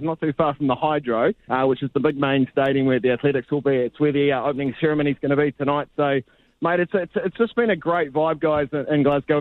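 A man's voice: on the high side, no echo, phone-quality sound. A man, a sports reporter chatting casually on radio in a laid-back, rambling way. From New Zealand.

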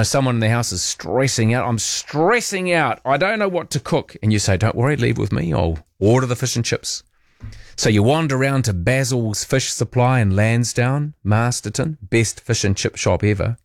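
A man's voice: medium pitch, no echo, studio quality. Wry, chatty New radio host man. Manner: chatty, wry, muses aloud with rhetorical questions. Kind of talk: casual opinionated talkback chat.

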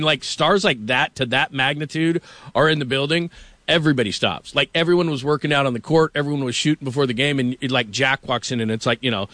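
A man hosting a sports radio show, rambling through anecdotes with quick laughs. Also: medium pitch, pushed and bright, no room sound. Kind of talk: casual radio banter.

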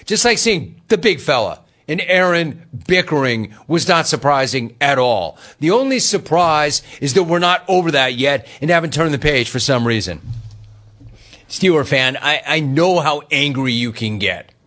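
A man's voice: a little high, lively intonation, moderate pace, fairly bright tone. A man hosting a sports talk show, mocking rival fans with a teasing, laughing manner and reading chat messages aloud. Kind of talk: sports talk radio commentary.

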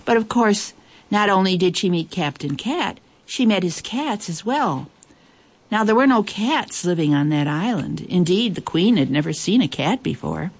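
A woman reading a children's story aloud in a lively, expressive way, with playful asides. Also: mid-range voice, moderate pace, slightly rough.

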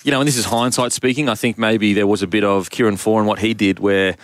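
Male radio co-host, lowish voice, rapid halting banter, dry sound. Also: steady tone, dry recording. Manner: hesitant, many restarts, laughs easily.

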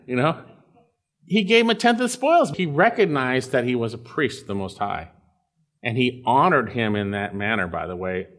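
A man preaching an expository sermon, reading scripture aloud and explaining it, swinging from emphatic high points to quiet low asides. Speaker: pastor.

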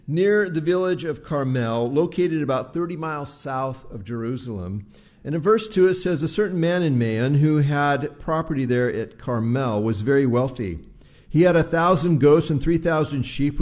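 A male pastor preaching a live Sunday sermon, measured and slowing to stress key words. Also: a little high, darkish tone. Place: church service recorded live.

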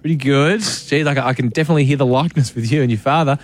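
A man's voice: mid-range voice, rapid-fire. An Australian man hosting a radio show, playfully teasing a caller in casual chat. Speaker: radio host.

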